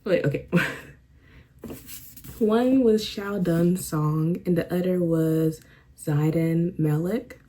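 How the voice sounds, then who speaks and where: Chatty young woman, low-key mellow voice. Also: slow pace, pauses often, slight background noise, poor audio. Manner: chatty, rambling, many "like" fillers. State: a bit out of breath. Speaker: book vlogger. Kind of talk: casual vlog chat. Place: room at home with a fan running. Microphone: camera on a stand.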